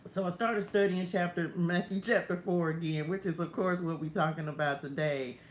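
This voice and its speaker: A woman's voice: fairly low pitch, fairly even intonation, normal speed. Chatty woman in an echoey room. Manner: chatty, laughing, digressive, talks straight to viewers. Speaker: faith coach hosting a morning message. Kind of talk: casual devotional chat with prayer. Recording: echoey room with faint ambient noise.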